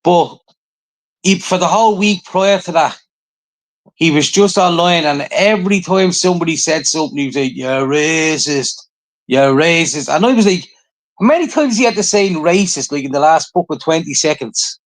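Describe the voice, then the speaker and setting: An Irish man with a fairly high voice talks casually on a podcast. He swears freely and tells his stories in an animated way. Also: moderate pace, low-quality recording. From Ireland. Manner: swears often, animated storytelling. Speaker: podcast co-host. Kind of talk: casual chat.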